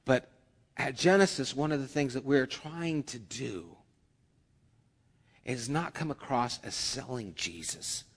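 A man's voice: mid-range voice, lively intonation, slow pace, long pauses, husky. Pastor, male, chatty preaching style with quoted asides, echoing church hall. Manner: conversational preaching with acted asides. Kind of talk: sermon. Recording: long hall reverb.

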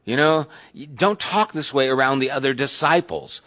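A man acts out a big, burly fisherman disciple who is sincere to the bone. He pleads and insists in a steady, mid-range voice. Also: mid-range voice, normal speed, close to an everyday voice. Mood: earnest pleading.

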